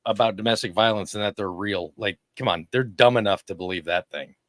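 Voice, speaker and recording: A man's voice: on the low side, fairly quick, no echo, studio quality. A man co-hosting a podcast, telling crude stories in casual chat and acting out the people in them. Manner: crude, animated storytelling with put-on voices. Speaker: podcast co-host.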